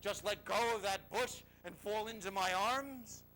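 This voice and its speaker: A man voicing God in a story, speaking in a calm, kindly and inviting way. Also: high-pitched, unhurried, a little hiss or hum, pitched above the performer's own voice, low-quality recording. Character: gentle fatherly voice of God from the sky.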